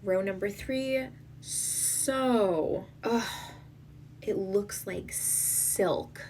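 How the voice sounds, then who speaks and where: Swatching an eyeshadow palette, this beauty vlogger gets emotional and effusive, often tearing up and dropping to a slow, breathy whisper. Her voice is mid-range and slightly mellow, picked up by a distant mic with a little background noise.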